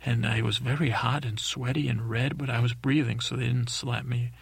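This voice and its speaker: A man improvising a rambling comic tale as a dim, timid boy prince, halting and mixing up names. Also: medium pitch, steady tone, creaky, husky, no echo. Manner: halting, full of restarts and mixed-up names. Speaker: comedic storyteller.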